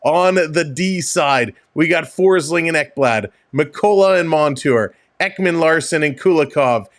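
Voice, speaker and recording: A man hosting a live hockey stream, reading team lineups in casual, energetic, jokey chat. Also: a little high, unhurried. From Canada. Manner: energetic, jokey, breaks into laughing fits.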